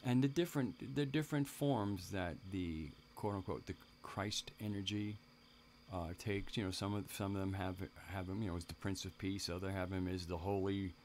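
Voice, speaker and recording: A man's voice: low-pitched, fairly even intonation, moderate pace, a little mellow, a little hiss or hum. A man hosting a live stream, talking casually in a rambling way, with many restarts and asides to his viewers in the chat.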